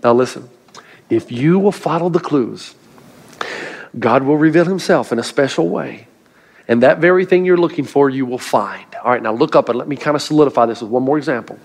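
A man's voice: medium pitch, fairly quick, creaky. A middle-aged male pastor preaching a sermon to a live congregation, telling stories earnestly with light humor. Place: church before a live congregation.

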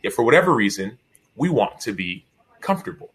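Casting note: man in his thirties, bright, forward tone, lively podcast guest who acts out the voices in his stories. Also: fairly low pitch, a little fast, breathy edge. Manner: animated storyteller, acts out quotes, frequent "right?". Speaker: guest author. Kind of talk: podcast interview storytelling.

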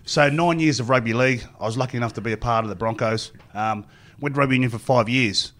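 Here a middle-aged Australian man, an ex-rugby player from Queensland, speaks quickly at a medium pitch with a slightly bright sound. He's an interview guest telling long, meandering stories and voicing what others said.

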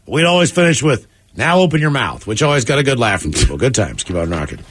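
A man's voice: lowish voice, fast talker. A man hosting a comedy radio show, reading listener emails in a casual, jokey way. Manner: animated, jokey, shouts and sings now and then.

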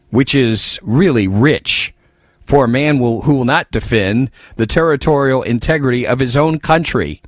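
A man's voice: medium pitch, dry recording, clean studio sound. A man hosting a political talk radio show, reading listener messages with wry asides.

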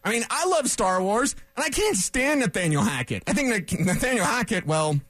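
Animated opinionated sports radio man. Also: high voice, normal speed, no room sound, soft background music. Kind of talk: sports talk radio monologue.

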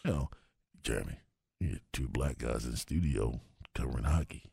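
A man's voice: very deep voice, animated, brisk, creaky, darkish tone, slightly rough, no room sound, studio quality. A man co-hosting a sports radio show, talking casually and laughing often as he rambles.

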